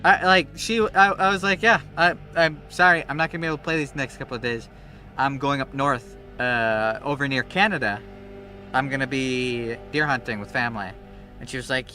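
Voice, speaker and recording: A young man streaming a game, telling stories in a rambling, animated way and swearing freely. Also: mid-range voice, moderate pace, long pauses, faint music behind. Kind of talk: casual chat while gaming.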